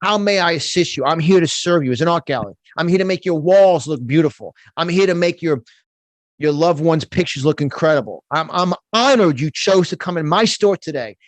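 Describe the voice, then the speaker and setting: A man's voice: a little high, animated, a little fast, dry recording, lightly acted. A man voicing his proud old immigrant grandfather, a shopkeeper, in a put-on Italian accent and an emphatic, insistent manner.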